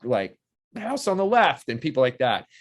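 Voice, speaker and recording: A man's voice: mid-range voice, big pitch swings, normal speed. An older man, a guest in a casual interview, telling long, enthusiastic anecdotes full of restarts.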